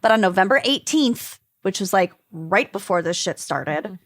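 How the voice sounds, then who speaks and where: A woman's voice: mid-range voice, animated, normal speed, a bit bright. Woman co-host reading crime notes. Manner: reads facts in a news anchor voice. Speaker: podcast co-host. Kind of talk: casual chat reading news notes.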